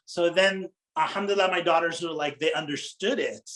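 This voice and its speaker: A man's voice: fairly high pitch, brisk, hardly any pauses, a bit bright, low-quality recording. A middle-aged man giving a conversational religious talk, engaging the audience with questions and light laughter. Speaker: Islamic preacher.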